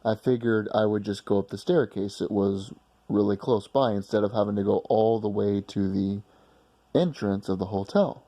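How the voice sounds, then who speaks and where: A man's voice: fairly low pitch, fairly even intonation, moderate pace, mellow. A man casually telling a personal story in a rambling, blunt way with some swearing.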